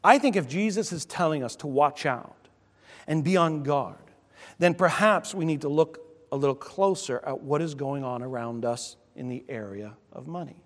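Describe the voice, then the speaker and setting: A pastor preaching a sermon in an animated way, with sudden loud exclamations. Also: male voice, a little high, moderate pace. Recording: long church reverb.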